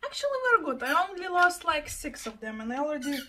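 A young woman vlogger chatting casually while unboxing gifts, excitable and full of gasping exclamations. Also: high-pitched, quick pace, very noisy. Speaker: plant and lifestyle vlogger.

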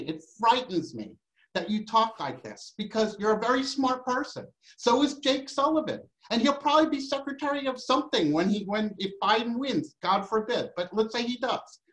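A man's voice: very high voice, low-quality recording. A man with a New York accent, debating on an academic panel, combative and emphatic, firing off rhetorical questions.

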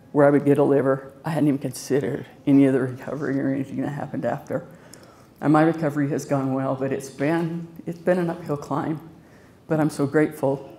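Low-voiced woman telling her own story. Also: mellow. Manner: earnest, conversational, grateful. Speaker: organ transplant recipient telling her story. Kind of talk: personal storytelling to a live audience. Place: festival stage before an audience.

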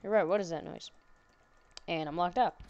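Smooth-voiced joking woman gamer. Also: lowish voice, normal speed, a little mellow, no echo, highs cut off. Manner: sarcastic, jokey, talks to game characters. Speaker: gaming channel host. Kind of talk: horror game let's play commentary.

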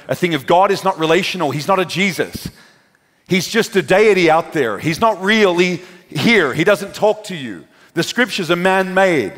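A man's voice: a little high, fairly bright tone. A man preaching a sermon, telling a story dramatically and acting out the people in it. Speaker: pastor. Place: large church hall. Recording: long hall reverb.

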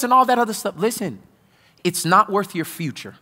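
A man delivering a sermon, his voice high and sharply bright. He swings wildly in pitch, bursting into loud peaks and then dropping to hushed, low lines. The sound rings with the long reverb of a big church hall. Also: expressive, moderate pace. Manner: preaching with sudden loud outbursts and hushed low passages. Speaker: pastor.

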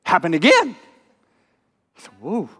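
A middle-aged male pastor preaching a storytelling sermon, dropping to hushed asides and bursting into sudden exclamations. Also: high-pitched, expressive, a little fast, big-room sound. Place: college chapel.

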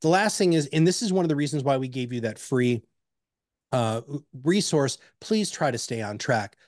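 A man presenting an instructional webinar, energetic and chatty, with personal anecdotes and emphatic repeated pleas. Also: medium pitch, normal speed, no echo, studio quality.

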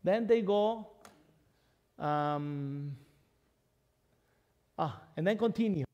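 A man preaching a sermon to his congregation, halting and repeating words, checking in often with "okay?". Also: a little high, expressive, a little mellow, lo-fi sound. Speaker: pastor. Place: church sanctuary. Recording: long church hall reverb.

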